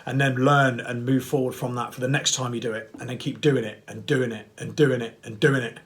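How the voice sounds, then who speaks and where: A middle-aged man speaks in a loose, rambling way. He is blunt and mocks himself a little. His voice sits at a middling pitch. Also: fairly even intonation, a little fast. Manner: rambling, blunt and self-mocking, with playful put-on voices. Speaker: vlogger. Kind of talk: casual monologue to camera.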